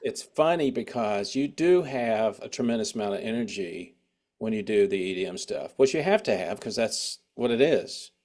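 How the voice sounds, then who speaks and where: Guy hosting a chat show, lowish voice, goes on and on with his questions. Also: lively intonation, normal speed, darkish tone. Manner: rambling, conversational. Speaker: show host. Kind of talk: casual interview chat.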